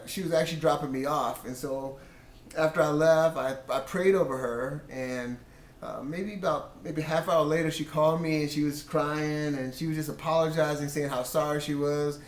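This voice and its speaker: A man's voice: fairly high pitch, normal speed, roomy sound, a little hiss or hum. A man sharing a casual Christian testimony about his marriage in an earnest storytelling way, quoting himself and his wife.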